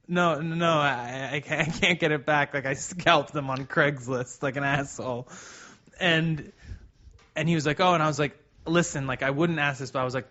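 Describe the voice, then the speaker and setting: A man's voice: mid-range voice, a bit bright. Rambling man telling a story, lo-fi. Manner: rambling, halting, swears freely. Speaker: podcast co-host. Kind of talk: casual storytelling.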